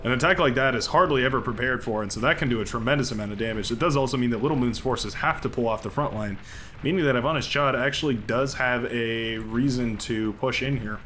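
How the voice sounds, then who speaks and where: A man's voice: medium pitch, fast talker, fairly bright tone, soft background music. Upbeat American man commentating a strategy game. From United States. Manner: upbeat, chatty, many fillers and restarts.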